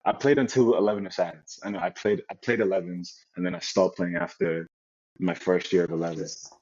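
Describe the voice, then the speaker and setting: A young man from Nigeria, a football player, telling his story in a relaxed interview chat with many restarts. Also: low voice, fairly quick. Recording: dull lo-fi sound.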